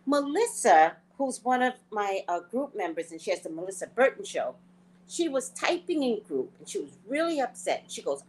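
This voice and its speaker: A woman hosting a spiritual talk show, telling stories in a casual, animated way, often laughing and acting out her own thoughts. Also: mid-range voice, normal speed, a little hiss or hum, low-quality recording. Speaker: psychic reader and show host.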